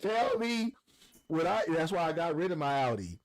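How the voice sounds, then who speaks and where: A man co-hosting a casual podcast chat, an animated storyteller who acts out quotes. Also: fairly high pitch, normal speed, gravelly. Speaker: podcast co-host.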